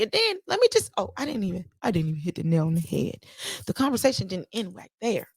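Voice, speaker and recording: Sassy, animated woman podcast host. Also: mid-range voice, fast, husky, no echo, clean studio sound. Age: adult with children. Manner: animated, sassy and emphatic, with sharp rhetorical questions. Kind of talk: casual solo podcast chat, reacting to listeners.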